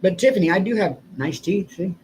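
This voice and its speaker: Older guy chatting on a live stream, kinda high voice, rambles on and laughs a lot, faint hiss behind. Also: animated, a little fast, darkish tone. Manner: rambling storyteller, chuckles often. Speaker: livestream host. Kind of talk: casual live-stream chat.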